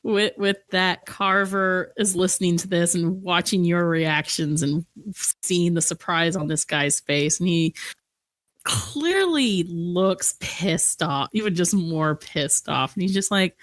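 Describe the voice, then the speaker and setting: A woman running a tabletop game, who narrates casually and slowly, with many fillers. Her voice is lowish and dry. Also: dry recording. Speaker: game master.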